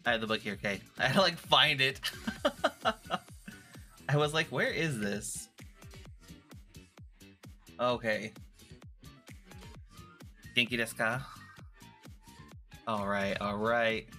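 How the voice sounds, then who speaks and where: A man's voice: mid-range voice, takes it slowly, pauses often, bright, forceful tone, faint music behind. A man chatting casually on a live stream, playful and rambling, often restarting his sentences. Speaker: vtuber streamer.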